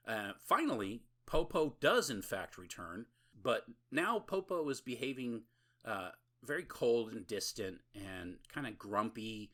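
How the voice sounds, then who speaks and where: A man's voice: on the low side, fairly bright tone. A man co-hosting a podcast, recapping a horror movie in casual, rambling, profane chat and laughing often. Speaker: podcast co-host.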